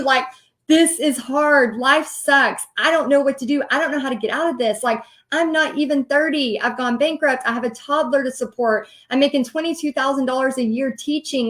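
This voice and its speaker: A woman in her thirties telling her own story in a casual, animated way, with many fillers and restarts. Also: a little high. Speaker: host, paint party teacher.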